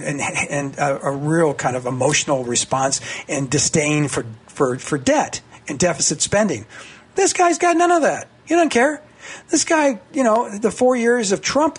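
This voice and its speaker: Excitable husky man in his sixties. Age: 60s. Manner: excitable, voice climbing high, many restarts. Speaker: radio guest commentator. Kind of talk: casual political radio chat.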